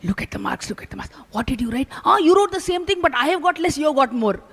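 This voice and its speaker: A woman voicing a schoolchild complaining about low marks. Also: very animated, fast talker. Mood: indignant. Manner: complaining, indignant. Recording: long hall reverb.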